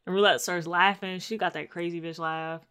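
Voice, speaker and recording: A woman's voice: fairly low pitch, steady tone, moderate pace, a bit bright, clean tone. A woman co-hosting a casual chat, telling the story of an episode with emphatic, blunt reactions. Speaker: podcast co-host recapping a TV episode.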